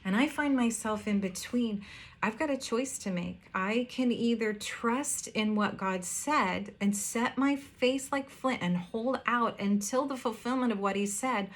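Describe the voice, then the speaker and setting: A woman pastor preaching a heartfelt, earnest sermon, with pauses and some hesitations. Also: medium pitch.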